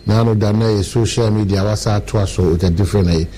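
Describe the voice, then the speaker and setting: Mellow-voiced Ghanaian radio host. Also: male voice, lowish voice, fairly even intonation, a little hiss or hum, poor audio. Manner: measured, thoughtful, mixes in English phrases. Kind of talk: radio discussion.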